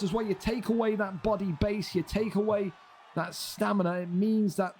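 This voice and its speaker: Stuffy-nosed man calling game fights. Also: fairly high pitch. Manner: energetic play-by-play, rising to shouts on big hits. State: stuffy blocked nose. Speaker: fight commentator. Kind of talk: video game fight play-by-play commentary.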